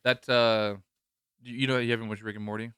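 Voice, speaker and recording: A man's voice: lowish voice, little pitch movement, a bit bright, clean tone, dry recording, clean studio sound. A man hosting a podcast who chats casually, rambling and joking. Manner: rambling, jokey, quick to laugh. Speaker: podcast host.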